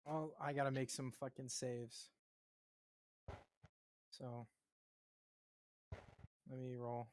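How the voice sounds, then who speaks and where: A man's voice: mid-range voice, level tone, takes it slowly, long pauses, darkish tone, dry recording. Unsure man asking game rules. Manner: unsure, asks rule questions. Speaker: player. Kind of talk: casual tabletop game chat.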